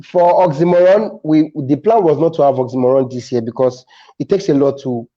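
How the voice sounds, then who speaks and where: A man with a Nigerian accent, a comedian chatting as a guest and telling stories with animated restarts. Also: a little high, a little fast, muffled recording. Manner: animated storytelling with frequent restarts. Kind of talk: casual interview chat.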